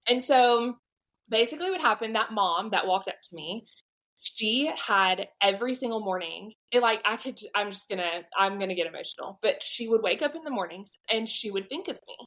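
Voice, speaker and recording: Southern woman in her 30s, podcast guest, animated storyteller who acts out quoted voices. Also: on the high side, normal speed, low-quality recording. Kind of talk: storytelling testimony.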